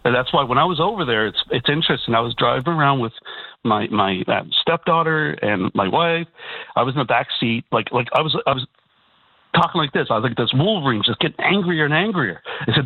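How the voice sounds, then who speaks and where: Over a tinny phone line, an agitated Canadian caller keeps stumbling over restarts and repeating himself on a call-in radio show. He has a husky, mid-range voice with lively intonation, a little fast, recorded dry.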